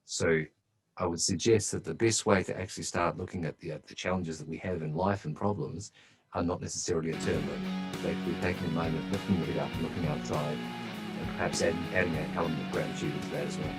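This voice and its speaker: Deep-voiced man telling stories chattily. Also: fairly even intonation, fast talker, soft background music, poor audio. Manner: chatty, enthusiastic anecdote-telling. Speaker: guest speaker. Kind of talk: podcast interview storytelling.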